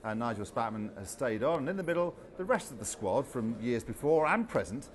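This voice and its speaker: A male host steers a TV football panel with brisk banter. His pitch swings widely and he moves through his lines at a quick clip. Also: big pitch swings. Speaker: TV sports show host. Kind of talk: presenting a chat show.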